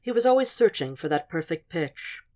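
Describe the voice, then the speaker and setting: A woman reading the lines of a cultured, menacing male psychiatrist in a quiet, dry, measured murmur. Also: lowish voice, very animated.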